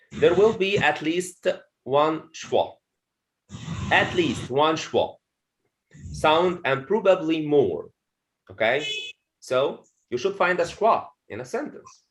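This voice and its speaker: A man teaching English pronunciation in an online class, repeating words and phrases slowly for his students. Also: fairly high pitch, low-quality recording. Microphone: video call.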